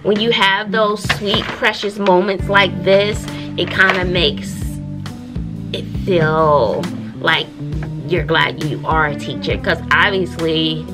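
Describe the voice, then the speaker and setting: Folksy Southern woman teacher vlogging. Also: sits low. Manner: animated storyteller, folksy "honey" asides. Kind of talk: casual vlog chat. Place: classroom at school.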